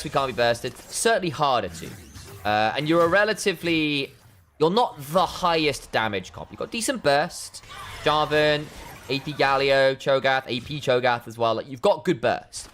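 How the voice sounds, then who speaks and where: A man casting a live esports match, breaking down item choices in detail, chatting with viewers and breaking into excited shouts during fights. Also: mid-range voice, moderate pace, a little hiss or hum. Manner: analytical, chatty with viewers, bursts of excitement on plays. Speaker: esports caster.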